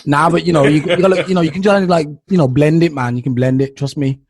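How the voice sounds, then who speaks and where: A man's voice: fairly high pitch, steady tone, quick pace, no room sound, studio quality. Playful man hosting a podcast chat. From Jamaica. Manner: playful, teasing, loud interjections of "yo". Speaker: podcast host. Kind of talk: casual chat.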